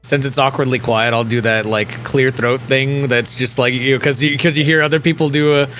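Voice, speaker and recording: A man playing a tabletop game, talking in a slow, animated, laughing way. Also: mid-range voice, faint music behind. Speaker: player. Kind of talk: casual role-play chat.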